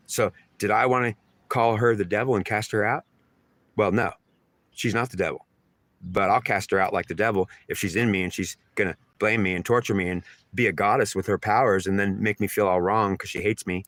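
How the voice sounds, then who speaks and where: A man's voice: fairly low pitch, fairly quick, fairly bright tone, no room sound. A man delivering a rambling, repetitive spiritual monologue in an emphatic, stream-of-consciousness way. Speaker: channeler giving spiritual messages.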